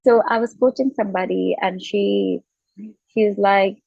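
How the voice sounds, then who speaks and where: A woman's voice: medium pitch, moderate pace, creaky, darkish tone, no echo, muffled recording. A woman coach, talking earnestly and repeating phrases as she explains an idea. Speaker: self-love coach, guest. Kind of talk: reflective coaching talk.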